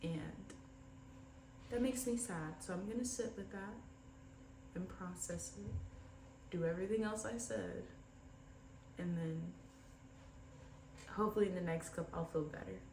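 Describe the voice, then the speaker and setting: A woman's voice: a little slow, pauses often, a little mellow. Young woman rambling into her camera across the room, kinda down, echoey room. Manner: candid, rambling, low-spirited. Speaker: vlogger. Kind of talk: casual diary vlog. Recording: roomy echo, distant from mic, faint ambient noise.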